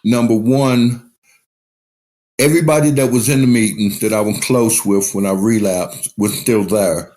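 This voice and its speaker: A man's voice: fairly low pitch, fairly even intonation, unhurried, mellow. A man talking as a guest on a recovery podcast, telling his story candidly and swearing freely. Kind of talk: casual recovery podcast talk.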